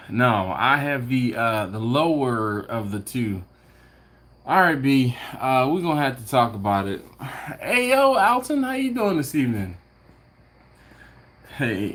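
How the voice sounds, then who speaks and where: A man's voice: mid-range voice, sing-song, measured pace, a bit bright. A man hosting a casual live stream from home, greeting viewers by name and chuckling as he reads their comments. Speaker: barbecue livestream host.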